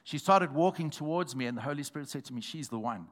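A man preaching a sermon, telling a testimony in a storytelling way that builds to shouted exhortation. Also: a little high, lively intonation, quick pace.

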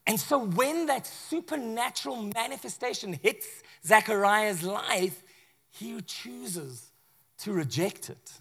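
A male pastor delivers a sermon with a high, bright voice. He talks to the congregation conversationally and animatedly, often acting out the people in his story. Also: takes it slowly, breathy edge. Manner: conversational and animated, with acted asides.

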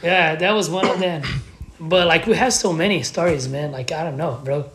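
Bright-voiced Brazilian man telling stories. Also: fairly high pitch, normal speed, slightly rough. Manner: animated, slangy, laughs often. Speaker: guest skateboarder. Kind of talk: casual podcast storytelling.

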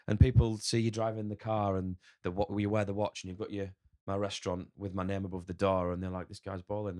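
A man's voice: sits low, darkish tone, no echo, clean studio sound. A man who runs a restaurant, talking candidly as a podcast guest and swearing casually now and then. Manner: candid, swears casually, acts out inner voices.

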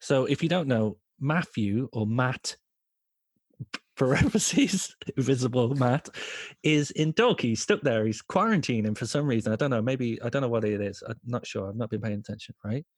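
An Irish man hosting a podcast, telling an absurd story deadpan and checking in with "right?". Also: mid-range voice, moderate pace, no room sound, clean studio sound. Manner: rambling deadpan tall tale with many "right?" checks. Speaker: podcast host. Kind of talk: comedic storytelling.

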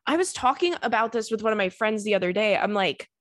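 A thirties woman hosts a podcast, dishing out blunt advice full of swearing and getting worked up and loud in casual chat. Her mid-range voice is expressive and quick, recorded dry and close with no room sound.

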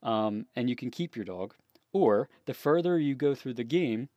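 A man's voice: medium pitch, animated, normal speed, warm tone, dry recording, dull audio. A young man co-hosting a gaming podcast, talking casually and rambling, often laughing and restarting his sentences. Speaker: podcast co-host. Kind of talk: casual chat.

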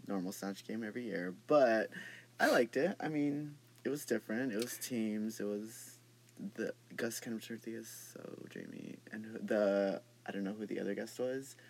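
A man's voice: lowish voice, moderate pace, vocal fry, slight background noise. A man appearing as a podcast guest, chatting casually and laughing easily. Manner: relaxed, laughs easily, trails off. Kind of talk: casual chat.

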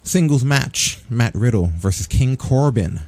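A man hosting a wrestling podcast, chatting in a relaxed, rambling way. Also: mid-range voice, unhurried, no room sound. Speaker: podcast host. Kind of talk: casual podcast chat.

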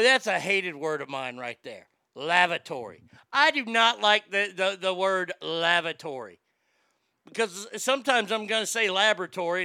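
High-voiced sarcastic man ranting. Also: smooth, no room sound, clean studio sound. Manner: sarcastic, mocking, profane; animated, jumps into loud shouts. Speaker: streamer reacting to etiquette tips. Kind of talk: casual crude ranting.

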